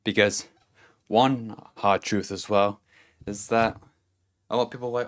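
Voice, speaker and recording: A man's voice: on the low side, fairly even intonation, a little slow, long pauses. A man giving a casual motivational monologue to camera, blunt and profane, chuckling between his points. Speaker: vlogger.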